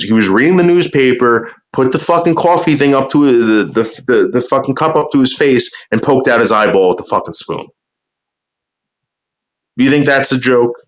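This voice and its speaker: A man rambling to his chat on a livestream, cursing often and repeating words as he starts his sentences. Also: medium pitch. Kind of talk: rambling casual stream chat.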